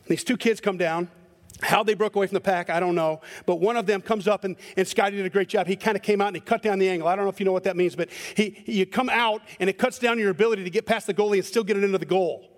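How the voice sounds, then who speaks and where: Male pastor, storytelling sermon, high voice, long reverb. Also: quick pace. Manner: storytelling, animated, repeats words.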